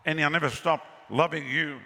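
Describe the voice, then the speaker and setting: Preacher guy, gravelly and bright, kinda high, calling out to the crowd, long reverb. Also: steady tone, moderate pace. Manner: exclamatory, calls to the crowd for responses. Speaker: pastor. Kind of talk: sermon. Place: outdoor pavilion with a crowd. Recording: long reverb with faint ambient noise.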